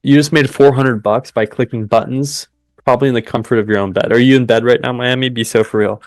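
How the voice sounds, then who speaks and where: A young man hosting a live trading stream, chatting with viewers and cheering the market on in excited bursts. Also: mid-range voice, quick pace, no echo, studio quality. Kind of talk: live trading commentary with chat.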